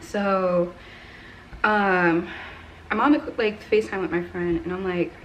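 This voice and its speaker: Her voice mid-range, a bit bright and fairly even in intonation, an American vlogger in her twenties speaks a little slowly as she tells her camera a personal story from home. She rambles casually, saying "like" and "right?" constantly, over a camera mic with slight hiss or hum.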